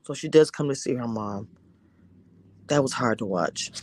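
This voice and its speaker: A woman's voice: rumbling low, normal speed. A woman recapping a TV episode in a casual, chatty way, sometimes dropping to a whisper for emphasis. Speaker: TV show reviewer.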